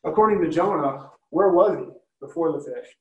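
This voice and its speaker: A man's voice: on the high side, lively intonation, moderate pace, a little mellow, muffled recording. A man leading a Bible study, teaching conversationally and often checking in with listeners by asking questions. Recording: roomy, from a distance.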